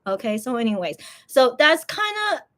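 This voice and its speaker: Animated young woman chatting on a livestream. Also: high-pitched, moderate pace. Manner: animated, repeats words, many fillers. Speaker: livestream host. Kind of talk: casual live-stream chat.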